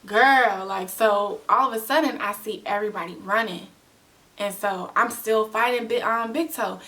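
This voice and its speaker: A young woman telling a storytime vlog in a casual, animated way, full of slang and acted-out quotes. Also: medium pitch, moderate pace, far from the mic. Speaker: vlogger.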